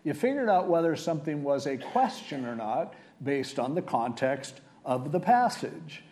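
A man delivering a sermon in a slightly high, mellow voice. He retells the scripture casually and conversationally, as if chatting with his listeners. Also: big pitch swings, normal speed. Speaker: preacher.

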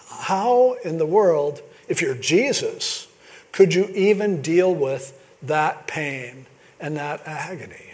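A man's voice: a little high, darkish tone. A male pastor giving a conversational, earnest sermon, building to emphatic questions.

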